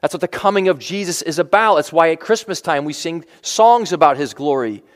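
A man's voice: on the high side, lively intonation, fairly quick, big-room sound. A male pastor preaching a sermon in a conversational style, with asides and restarts.

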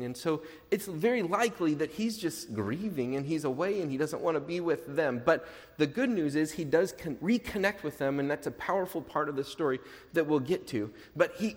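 A man's voice: on the high side, big-room sound. A man preaching a conversational sermon as a pastor, mixing jokes with emphatic repetition.

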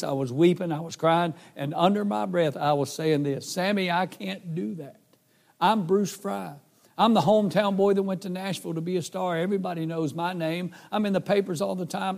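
A man's voice: a little high, vocal fry, a little mellow. A man preaching a sermon, earnestly telling his own testimony and acting out the dialogue. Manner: earnest, emotional, acts out dialogue. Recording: hall reverb.

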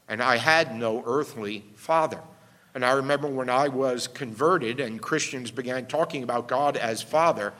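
A man's voice: medium pitch, sharp tone. A man pastor delivering a teaching sermon, explaining step by step and often checking in with "all right?". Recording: long hall reverb.

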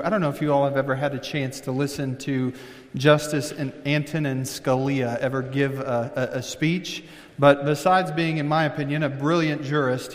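A man preaching a sermon as a visiting pastor, speaking conversationally and then building to emphatic points. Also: a little high. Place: church sanctuary. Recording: long reverb from a large hall.

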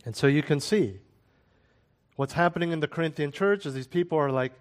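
Man teaching scripture, slightly high voice. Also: a little fast. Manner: conversational, with rhetorical questions and asides. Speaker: Bible teacher. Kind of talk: sermon-style Bible teaching.

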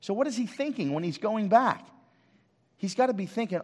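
A man preaching a sermon as pastor, swinging from loud emphatic peaks to quiet low pleading and asking the congregation rhetorical questions. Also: expressive, brisk. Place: church sanctuary. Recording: long reverb of a church hall.

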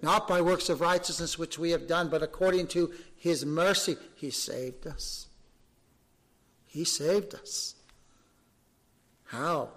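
A man's voice: fairly high pitch, a bit bright. A man preaching a sermon as pastor, fervent, asking rhetorical questions and repeating words for emphasis.

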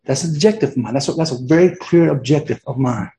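A middle-aged pastor with a medium-pitched, warm voice preaches quickly in a church sanctuary. His sermon is casual and conversational, packed with fillers and restarts. The recording carries a roomy church echo and slight background noise.

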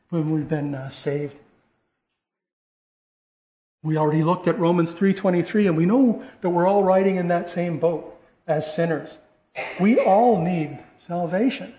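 A man preaching with earnest, rising emphasis and frequent restarts. His voice sits a little high for a man and carries a roomy echo. The recording is dull and lo-fi. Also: a little mellow. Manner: earnest, repeats and restarts phrases, rising emphasis on key points. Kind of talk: sermon. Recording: echoey room, dull lo-fi sound.

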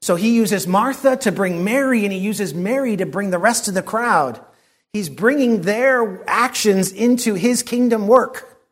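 A man preaching a sermon in an earnest, reflective way, often dropping to a soft hush. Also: high voice, measured pace.

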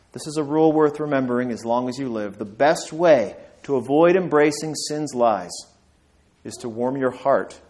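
A man delivering a sermon, his voice sitting a little higher than most men's. He builds phrases up to emphatic, ringing peaks and then drops to quiet, earnest lines. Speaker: pastor.

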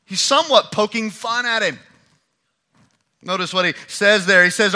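A man preacher delivering a lively, conversational sermon and acting out a scripture story. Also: high-pitched, normal speed.

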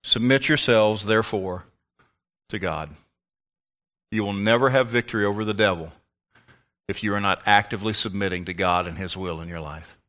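A man's voice: on the low side, steady tone, quick pace, fairly bright tone. An older man, a pastor, preaching a sermon in an emphatic, folksy way with asides to the congregation.

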